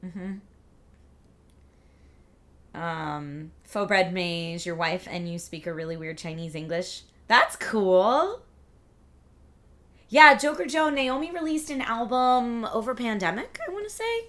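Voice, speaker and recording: A woman's voice: mid-range voice, lively intonation, slow pace, pauses often, a bit bright. A woman hosting a livestream, chatting casually and reading out viewer comments in an upbeat, rambling way. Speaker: livestream host.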